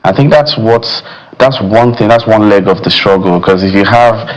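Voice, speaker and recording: A man appears as a music critic guest on a morning show in a television studio, talking thoughtfully and filling gaps with "you know." His voice is lowish at a moderate pace, and the recording is rough.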